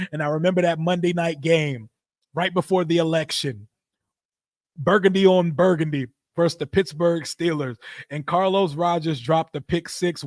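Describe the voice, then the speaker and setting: A man hosting a casual football watch-party stream, talking in an animated, profane way and laughing often. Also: fairly high pitch, no room sound, studio quality. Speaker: livestream host.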